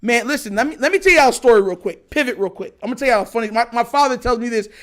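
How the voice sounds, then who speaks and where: Livestream host, man in his 30s, very high voice, animated and slangy. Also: very fast. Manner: animated, slangy, talks to chat. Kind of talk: casual livestream storytelling.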